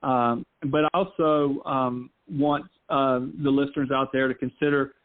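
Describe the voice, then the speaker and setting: A man's voice: mid-range voice, fairly even intonation, a little slow. A man from North Carolina, a golf instructor guest chatting casually in an interview and rambling with frequent restarts. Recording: tinny phone line.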